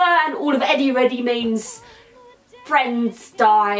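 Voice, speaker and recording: A woman's voice: on the high side, steady tone, slow, fairly bright tone. A woman giving a crude, rambling comic film recap full of slang. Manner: slangy, crude, rambling, puts on silly voices. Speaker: comedy character reviewer. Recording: distant mic, faint music.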